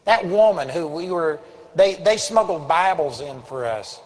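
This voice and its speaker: A man's voice: on the high side, lively intonation, a little slow, low-quality recording. A man preaching a sermon, telling stories earnestly with emphatic rising bursts. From United States.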